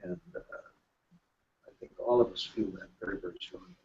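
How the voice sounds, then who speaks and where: An older man speaking as a guest at a forum, relaxed and conversational. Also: medium pitch, a little fast. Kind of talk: formal public remarks. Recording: dull lo-fi with background noise.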